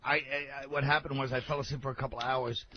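A man bickering as a guest on a radio show, rapid-fire and mock-outraged, throwing insults. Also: mid-range voice, little pitch movement, no room sound, lo-fi sound. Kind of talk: combative comic banter.

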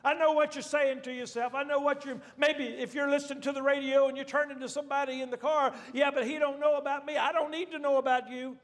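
High-voiced pastor preaching in a hall. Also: male voice, level tone, quick pace, few pauses, fairly bright tone. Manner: fervent, repetitive preaching with restarts. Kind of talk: sermon.

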